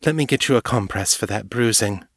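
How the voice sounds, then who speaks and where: A man's voice: on the low side, a little fast, a bit bright, dry recording, studio quality. A man voicing a poised, arch female vampire. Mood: arch concerned. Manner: crisp, arch, endearments like darling. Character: poised elegant female vampire, sharp-tongued.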